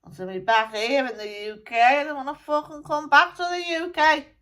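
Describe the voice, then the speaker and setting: A woman's voice: sits high, lively intonation, normal speed, bright, forceful tone, pitched above the performer's own voice. A woman channelling the spirit of a blunt, angry male rock musician, scolding and swearing at listeners. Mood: ranting.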